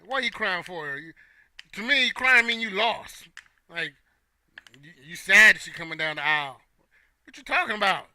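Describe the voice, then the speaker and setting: Guy just chatting and joking w his chat, real bright tone, fairly high voice. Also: animated, moderate pace, long pauses. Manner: playful, banters with chat. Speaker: host. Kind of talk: casual opinion talk.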